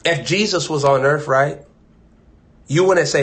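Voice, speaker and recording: An American man preaching a sermon, chanting and repeating phrases, swinging from loud to soft. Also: on the high side, measured pace.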